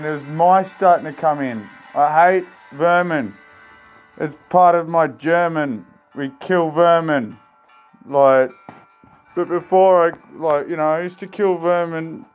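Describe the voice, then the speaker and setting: Rambling high-voiced man vlogging on his phone. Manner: rambling, jumpy, talks straight to his viewers. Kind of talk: rambling casual phone vlog.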